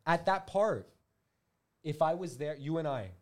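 A man's voice: a little high, measured pace. A man co-hosting a comedy podcast, joking around in casual chat. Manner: animated, jokey, drops into mocking impressions. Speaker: podcast co-host.

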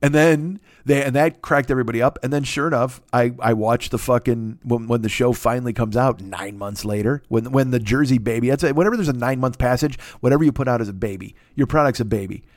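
A man hosting a comedy podcast, telling a long profane story in a rambling, animated way, full of restarts and asides. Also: medium pitch, fast, hardly any pauses, no room sound, studio quality. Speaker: podcast host.

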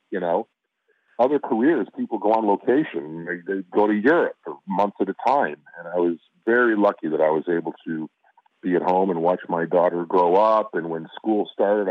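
Chicago man, low voice, rambling with fillers and restarts, dry tinny phone-line sound. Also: no echo. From Chicago, USA. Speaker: actor and interview guest. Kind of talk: casual interview storytelling.

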